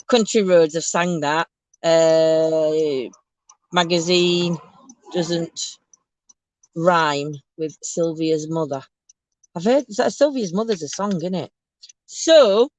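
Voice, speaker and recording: A woman's voice: lowish voice, darkish tone, no room sound. A woman hosting a casual ghost tour chat from inside a moving car, rambling and laughing, with lots of ums, recorded on a handheld camera. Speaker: host of a ghost tour show.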